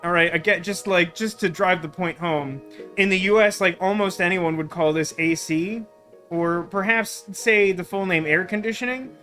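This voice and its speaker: Bright-voiced chatty gameplay commentator man. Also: high voice, moderate pace, soft background music. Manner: chatty, rambling, many fillers. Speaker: let's play host.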